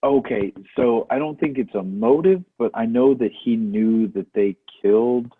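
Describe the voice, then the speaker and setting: A man's voice: medium pitch, normal speed, husky, no room sound. A man co-hosting a podcast, chatting casually about movies in a laid-back way, often saying "dude". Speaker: podcast co-host. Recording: tinny phone-like line.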